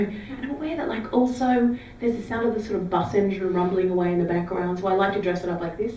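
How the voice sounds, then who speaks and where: A woman doing a stand-up comedy set on a club stage, chatty and giggly, acting out fake phone calls in a low murmur. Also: fast, few pauses, warm tone, a little hiss or hum. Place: comedy club stage before a live audience. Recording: roomy club sound, heard from some distance.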